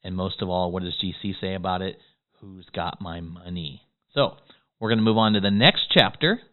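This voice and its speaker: A man giving a motivational business course lecture. He talks fast and excitably and keeps checking in with "okay?". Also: low voice. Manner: fast-talking, excitable, peppers lines with "okay?". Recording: tinny phone-like audio.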